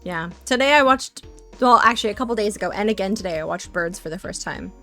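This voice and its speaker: A woman's voice: medium pitch, animated, quick pace, pushed and bright, faint music behind. A young woman from Louisiana, chatting casually with her live-stream chat, full of fillers, restarts and giggles.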